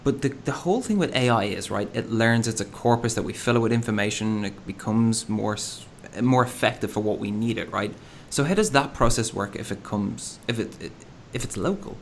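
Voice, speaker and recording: A man's voice: fairly low pitch, expressive, a little fast, vocal fry, slight background noise. A man hosting a conversation, asking questions and often tagging them with "right?". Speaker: host. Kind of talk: conversational interviewing.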